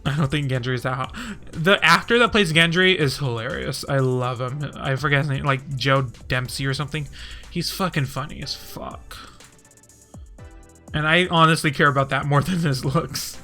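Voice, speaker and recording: A man streaming casually, rambling and swearing, and getting heated and animated as he talks. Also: medium pitch, normal speed. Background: faint music.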